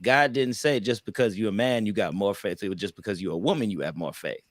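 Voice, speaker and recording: A man's voice: fairly low pitch, fast talker, no echo, studio quality. A man co-hosting a casual relationship panel discussion, emphatic and preachy, with loose vernacular speech. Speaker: podcast co-host.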